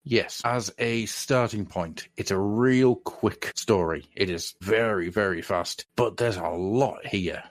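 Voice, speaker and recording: A man co-hosts a podcast in casual, enthusiastic chat and laughs often. His voice is low, and the recording is dry and close. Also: takes it slowly, hardly any pauses, no echo. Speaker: podcast co-host.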